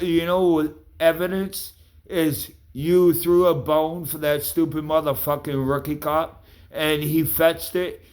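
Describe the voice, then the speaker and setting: Angry swearing man ranting. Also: fairly high pitch. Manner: heated, accusing, swears constantly, addresses people directly. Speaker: vlogger. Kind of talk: angry profane rant to camera.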